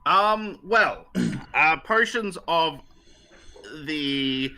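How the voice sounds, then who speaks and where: A man's voice: fairly high pitch, animated, very slow, pushed and bright, clean tone. A man playing a tabletop game, chatting casually and hesitating with ums. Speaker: player.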